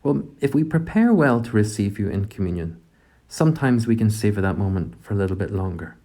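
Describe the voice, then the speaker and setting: A man leading a gentle, reflective prayer meditation, speaking directly to God. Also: fairly low pitch, sing-song, fairly quick.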